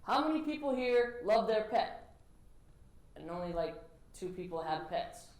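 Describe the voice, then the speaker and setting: A woman instructor giving direct, encouraging feedback to students practicing pitches in a classroom. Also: sing-song, a little slow, darkish tone. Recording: echoey classroom with background noise.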